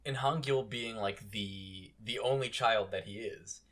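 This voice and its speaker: A man's voice: lowish voice, measured pace, a bit bright. A man co-hosting a podcast, recapping a drama in casual chat with wry, sarcastic asides. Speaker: podcast co-host.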